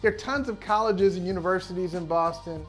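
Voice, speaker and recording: A man with a notably high voice for a male speaker hosts a casual sports talk show, talking a little fast in a bit bright tone over faint music. He argues animatedly, circling back over his phrases as he builds a point.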